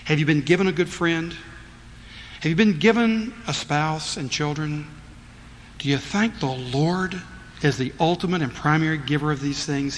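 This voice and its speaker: Bright-voiced preacher in an echoing hall. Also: male voice, a little high, slight background noise. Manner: animated preaching, acting out voices of the congregation. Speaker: pastor. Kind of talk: sermon.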